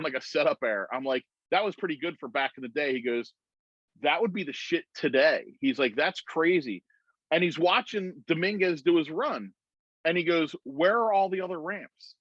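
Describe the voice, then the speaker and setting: A man talks over a video call, rambling and animated, with a slightly raised pitch. The room sounds dry and close, and the call audio is muffled and dull. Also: moderate pace, dry recording. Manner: rambling, animated retelling with many "like"s. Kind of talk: casual storytelling on a video call.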